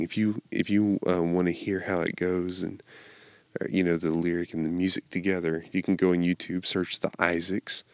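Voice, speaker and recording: Man, deep voice, dry close sound, informal devotional talk, slow and earnest, halting restarts. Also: no echo. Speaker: devotional speaker. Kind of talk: informal devotional talk, reading lyrics aloud.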